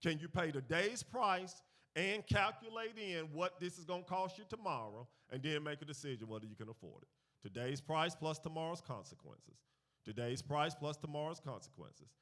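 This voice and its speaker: A man's voice: on the high side, moderate pace. A man teaching a congregation in a sermon, telling stories and leading call-and-response, repeating key phrases. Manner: animated storytelling, swings from quiet to loud. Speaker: church teacher leading a finance talk. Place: church gathering.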